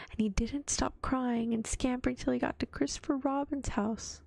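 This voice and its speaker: A woman reading a children's storybook aloud in a gentle ASMR whisper. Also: sits high, fairly even intonation, moderate pace, creaky, hardly any pauses, no echo. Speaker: vtuber storyteller.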